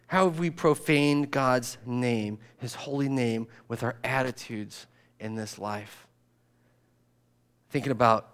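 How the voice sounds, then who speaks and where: A man's voice: medium pitch, fairly bright tone. A man preaching a sermon in a conversational way, acting out grumbling voices and sighing as he goes. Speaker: pastor.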